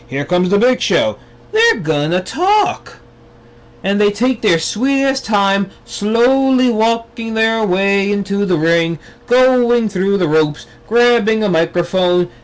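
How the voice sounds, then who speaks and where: A young man with a rather high voice rants in an exasperated, sarcastic way. He hosts his own talk show and drops into mocking impressions. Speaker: vlog host. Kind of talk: ranting commentary.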